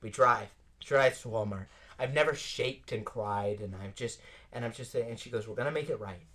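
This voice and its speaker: A young man hosting a podcast, telling a story in a casual, animated way and laughing often. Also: mid-range voice, moderate pace. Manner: animated, laughing often, acts out quoted voices. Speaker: podcast host. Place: podcast studio.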